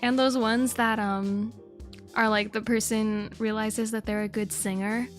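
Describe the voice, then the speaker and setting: A woman's voice: a little high, level tone, measured pace. A young woman hosting a VTuber stream, chatting casually and reading chat, giggling often and swearing freely. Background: faint background music.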